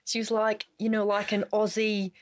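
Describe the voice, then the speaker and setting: A woman in her thirties co-hosts a relaxed podcast. She giggles often and makes fun of herself, in a mid-pitched everyday voice. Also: moderate pace. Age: 30s. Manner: giggly, self-mocking, laughs often. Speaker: podcast co-host. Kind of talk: casual chat.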